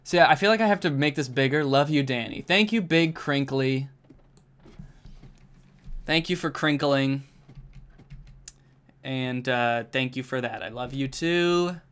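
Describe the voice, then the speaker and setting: A man's voice: medium pitch, unhurried, pauses often, smooth. A young man streaming a game, chatting casually and jokily to himself and his viewers, with keyboard typing behind him. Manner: jokey, excitable, talks to himself and to chat.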